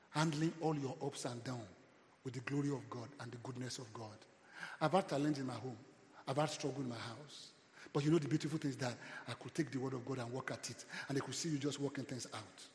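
A Nigerian pastor preaches with a mid-pitched male voice, calling out to the congregation and swelling louder at key points. The sound is roomy, with a long reverb trailing off the walls of a large hall. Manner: preaching with call-and-response, loud swells. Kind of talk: sermon.

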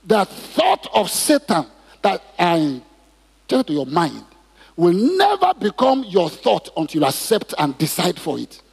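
A man's voice: sits high, huge pitch swings, a little slow, creaky, breathy edge. A man preaching a sermon in church, asking the congregation questions and drawing responses. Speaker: pastor. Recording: reverberant hall.

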